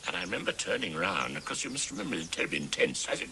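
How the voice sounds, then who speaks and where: A man's voice: sits low, huge pitch swings, racing, creaky, bright, forceful tone, slight background noise. A man recalling events in an interview, telling the story emphatically and dramatically. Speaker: interviewee, former settler politician. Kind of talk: recounting a memory in an interview.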